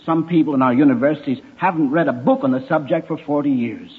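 A man's voice: a little high, fast talker. An older man giving an emphatic evangelistic talk to young people, full of wry rhetorical questions. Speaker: speaker addressing young people. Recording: tinny phone-like recording.

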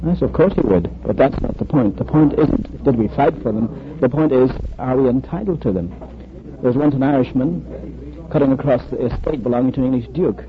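A man's voice: mid-range voice, fairly quick, crowd noise. A man who served as a military chaplain, giving an earnest lecture full of anecdotes and rhetorical questions, on a dull lo-fi recording. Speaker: speaker, former military chaplain.

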